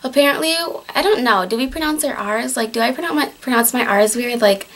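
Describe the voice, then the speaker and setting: Teen girl, Michigan accent, high voice, chatty, fed-up home vlogger. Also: fairly quick. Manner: exasperated, chatty, lots of fillers and restarts. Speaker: vlogger on a group channel. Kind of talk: casual vlog rant. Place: at home, in winter.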